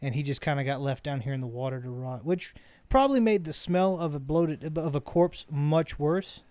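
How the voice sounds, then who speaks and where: His voice on the high side and a little mellow, a let's play host who is an adult parent comments casually on the game he plays at normal speed. He rambles, chats, and often stops to correct himself mid-sentence. The recording is dry.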